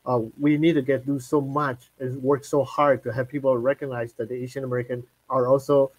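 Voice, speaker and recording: Halting male live-stream host, dry sound. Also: medium pitch, level tone, no echo, rough recording. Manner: halting, many fillers and restarts.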